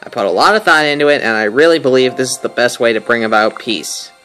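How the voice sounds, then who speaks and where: A man's voice: mid-range voice, fast talker, bright, forceful tone, faint music behind, lightly acted, rough recording. A man voicing a young prince who is sincere and conflicted, reading game dialogue in his own voice. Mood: troubled. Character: young prince wracked by guilt, earnest.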